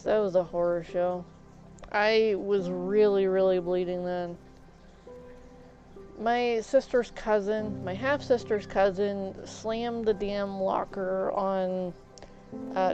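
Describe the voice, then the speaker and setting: A young woman streamer casually telling a rambling story from her school days while she plays, acting out the back-and-forth of what people said. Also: medium pitch. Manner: rambling, animated retelling with quoted exchanges. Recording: dull lo-fi stream audio.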